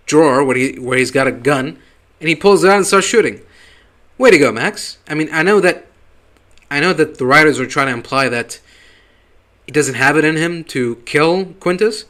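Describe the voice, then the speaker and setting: A man's voice: fairly high pitch, a bit bright. A man casually recapping a TV episode, hesitant with many ums and wry asides. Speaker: TV reviewer.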